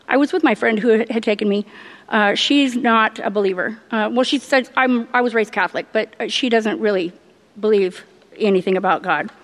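A middle-aged woman giving a personal faith testimony, earnest and halting, laughing often as she tells it. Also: on the high side, big-room sound. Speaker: church member giving testimony.

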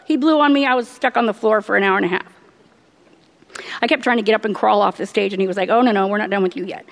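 A middle-aged woman giving a personal faith testimony, earnest and halting, laughing often as she tells it. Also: mid-range voice, steady tone, creaky, big-room sound, slight background noise. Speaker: church member giving testimony.

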